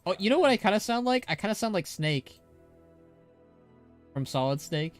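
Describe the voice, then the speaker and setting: A man's voice: sits high, very animated, normal speed, dry recording, faint music behind. A man streaming a game, chatting casually, playful and teasing, laughing often. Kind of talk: casual chat while gaming.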